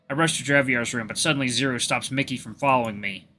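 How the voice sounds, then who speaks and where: A man's voice: mid-range voice, fast talker, hardly any pauses, sharp tone. Upbeat man hosting a game reading. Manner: upbeat, enthusiastic. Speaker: gaming YouTuber. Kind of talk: let's play reading.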